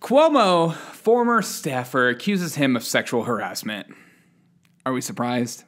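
A man's voice: mid-range voice, animated, a little slow, fairly bright tone. A man hosting a casual news podcast, reading headlines with sarcastic, chuckling asides and a loose, unscripted manner. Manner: loose, unscripted delivery with fillers. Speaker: podcast host.

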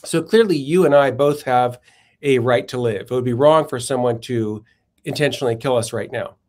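On a podcast, a male philosopher and author narrates stories with thought and the odd search for a word. His voice is mid-range with a darkish tone, at normal speed.

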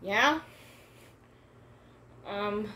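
A woman giving let's play commentary, excitable and repetitive, calling everyone "bro" and "man" and shouting at the screen. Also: mid-range voice, drawn-out words, slight background noise. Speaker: gamer.

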